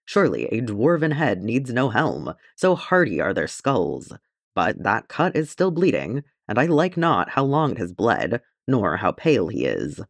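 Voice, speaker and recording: A man reading the lines of a steady, thoughtful male ranger king in an audiobook, calm with a dry humor. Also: fairly low pitch, unhurried, gravelly, dry recording, heavily acted.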